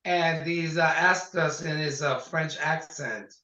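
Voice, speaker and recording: An older man, a singer, chatting in an interview and telling animated stories from his career. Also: on the high side, a little slow. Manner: animated storyteller, acts out quotes. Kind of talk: casual interview conversation. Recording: echoey dull lo-fi sound.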